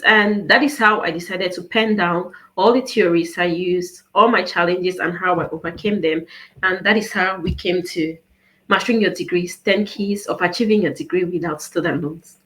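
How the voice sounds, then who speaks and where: A woman's voice: lowish voice, moderate pace. Earnest woman from Cameroon telling her story. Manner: earnest, storytelling with animated quoted dialogue. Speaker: author and interview guest. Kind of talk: conversational interview storytelling.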